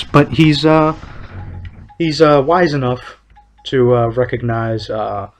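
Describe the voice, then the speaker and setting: A man giving casual commentary while playing a game, hesitant and thinking aloud with many fillers. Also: mid-range voice. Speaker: let's play gamer.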